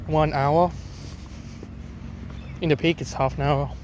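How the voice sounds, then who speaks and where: Young aussie guy rambling about trains on a platform, kinda high voice, bit of outdoor noise, lozenge in his mouth. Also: steady tone, slow pace. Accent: Australian. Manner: rambling, hesitant, with fillers and restarts. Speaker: trainspotting vlogger. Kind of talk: casual walking commentary.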